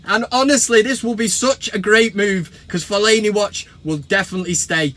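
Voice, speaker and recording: An English man hosting a football fan vlog, talking to camera in an animated, sarcastic rant and swearing freely. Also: high voice, normal speed, dry recording.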